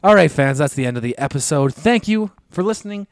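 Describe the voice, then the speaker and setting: A man's voice: a little high, animated, fast. A young man co-hosting a casual podcast, telling rowdy, profane stories. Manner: rowdy, profane storytelling with mocking impressions. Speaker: podcast co-host.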